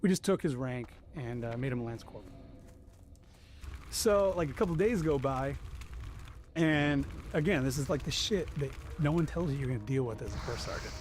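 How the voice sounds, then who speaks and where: A man's voice: medium pitch, normal speed, slight background noise. A middle-aged man casually telling a long military story with lots of profanity, acting out the voices of the people in it. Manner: profane, animated, acts out quoted voices.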